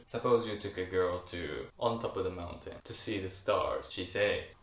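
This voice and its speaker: This young Japanese language teacher speaks with a Japanese accent, walking through usage casually with brief example phrases. His voice is deep, gravelly and slightly bright, with fairly even intonation at a normal pace. The room is echoey, with faint noise.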